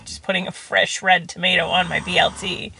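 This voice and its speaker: A woman's voice: lowish voice, flat delivery, fairly quick, creaky, sharp tone, slight background noise, poor audio. A woman co-hosting a podcast in casual chat, wry and teasing. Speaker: podcast co-host.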